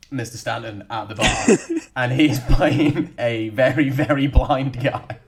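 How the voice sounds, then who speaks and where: A man co-hosting a podcast in casual chat, swearing freely and getting excited as he retells scenes. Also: mid-range voice. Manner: sweary, excitable, laughing often. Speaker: podcast co-host.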